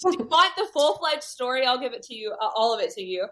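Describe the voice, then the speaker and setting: Southern woman in her 30s, podcast guest, animated storyteller who acts out quoted voices. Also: high voice, quick pace, poor audio. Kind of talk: storytelling testimony.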